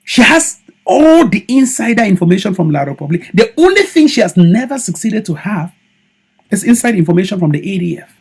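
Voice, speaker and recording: A man with a Cameroonian English accent shot through with Pidgin delivers a fiery monologue in a high, husky voice. His pitch leaps and plunges as he hammers home accusations and repeats phrases for weight. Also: big pitch swings, brisk. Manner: heated, emphatic, accusatory, repeats for stress. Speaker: political activist. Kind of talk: impassioned video monologue.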